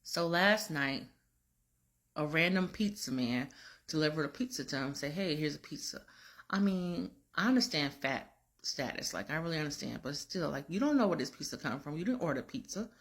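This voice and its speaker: A woman's voice: deep voice, animated, normal speed. Chatty slangy woman recapping a drama. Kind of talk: casual episode recap.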